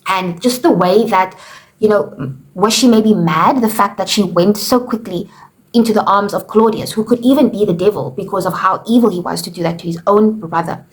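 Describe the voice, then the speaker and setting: A woman teacher talks her students through a play in a relaxed, conversational way. She keeps checking in with "okay" and retells the characters' lines in her own words. Her voice sits at a middling pitch. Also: moderate pace. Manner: chatty, explains with paraphrased quotes, frequent "okay" and "you know". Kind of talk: casual lesson recap.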